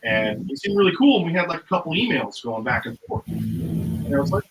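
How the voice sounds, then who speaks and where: A man's voice: sits high, huge pitch swings, a little fast. A man, a musician guest, telling a story casually in a rambling way, with many fillers and acted-out quotes. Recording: roomy, noisy recording.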